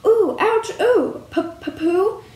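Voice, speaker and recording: Woman doing a squeaky frightened little piglet. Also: big pitch swings, measured pace, a bit bright, far from the mic, heavily acted. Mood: scared. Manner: shrill and frightened. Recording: roomy with faint hum.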